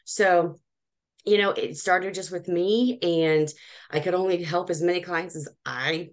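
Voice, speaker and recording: Woman in her forties, low voice, animated interview guest who laughs often. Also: measured pace. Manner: animated storyteller, frequent laughs and restarts. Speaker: professional organizer, guest. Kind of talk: casual interview chat.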